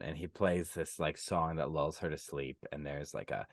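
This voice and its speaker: A man's voice: rumbling low, normal speed, creaky, dry recording, clean studio sound. A man co-hosting a podcast, retelling movie scenes in casual chat and quoting the characters' lines. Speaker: podcast co-host. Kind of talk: casual chat recapping a film.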